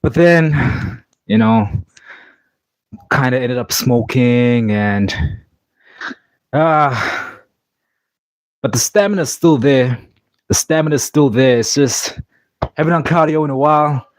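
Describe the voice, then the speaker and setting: A man's voice: medium pitch, slow pace, long pauses, no room sound. A man on a livestream, out of breath and boasting to his chat. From South Africa. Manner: boastful, talking straight to chat.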